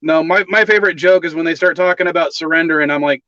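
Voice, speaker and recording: A man's voice: fairly high pitch, fast, bright, forceful tone, no echo. A man from Texas co-hosting a casual stream, joking around with some hesitant restarts. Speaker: stream co-host. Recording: slightly dull lo-fi voice chat.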